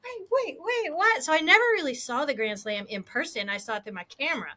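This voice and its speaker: Lively high-voiced woman co-host. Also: fast. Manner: animated storyteller, self-mocking. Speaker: podcast co-host. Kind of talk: casual chat.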